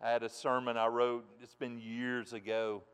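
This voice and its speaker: A man preaching a sermon in a folksy way, dropping soft and then rising loud and emphatic, from a church pulpit. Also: medium pitch, flat delivery, normal speed, smooth. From United States. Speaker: pastor. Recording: long reverb in a large hall.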